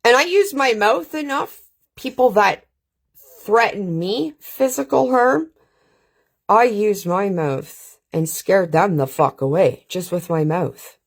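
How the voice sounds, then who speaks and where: Speaking in a mid-range, animated voice, a middle-aged Canadian woman hosts a live stream and spins stories in a blunt, profane, easygoing manner. She's unhurried, keeps dropping in filler questions, and is picked up by a webcam or phone.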